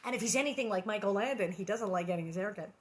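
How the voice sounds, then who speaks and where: A woman's voice: medium pitch, very fast, a little hiss or hum. A woman reading a children's book aloud with gushing, giggly asides. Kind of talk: storybook reading with chatty asides.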